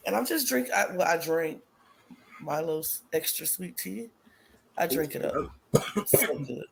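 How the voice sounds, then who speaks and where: A woman co-hosting a casual podcast, sassy and raspy, playing up a diva persona. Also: sits low, animated, unhurried, a little hiss or hum. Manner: sassy, self-styled diva, drawling. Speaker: podcast co-host.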